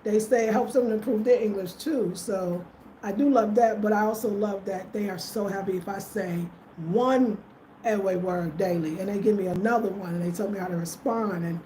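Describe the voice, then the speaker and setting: In an echoey room with a little ambient noise, a middle-aged American woman chats easily with livestream viewers from her rural home in Ghana, naming each one as she thanks them. She's a vlogger responding to live chat. Her voice is mid-range and dark, delivered at normal speed.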